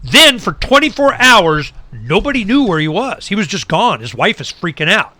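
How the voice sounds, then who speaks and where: A middle-aged man hosts a talk show with a slightly high, bright, forceful voice. He tells stories in casual chat, animated, sinking low for muttered asides. The sound is close and dry, with no room around it. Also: normal speed, dry recording. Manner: animated storyteller, drops pitch low for asides. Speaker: radio show host.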